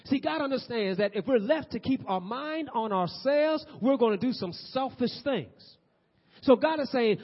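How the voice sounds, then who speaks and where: A man preaching a sermon, swinging from loud urgent exhortation to soft, near-whispered passages. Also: very high voice, lively intonation, normal speed, husky. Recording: dull lo-fi audio.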